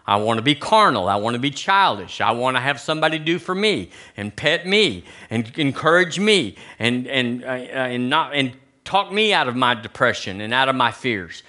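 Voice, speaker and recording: A pastor with a mid-range, sharp-toned voice preaches a conversational sermon in a church sanctuary. He keeps asking the congregation rhetorical questions.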